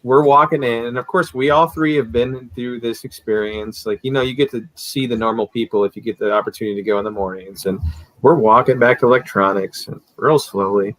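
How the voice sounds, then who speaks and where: A man chats casually as a guest on a livestream. He tells stories with energy and acts out the people in them. His voice sits at an average pitch and sounds dry, with no room echo. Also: steady tone, fairly quick, fairly bright tone. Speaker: livestream guest, collectibles seller. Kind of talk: casual chat.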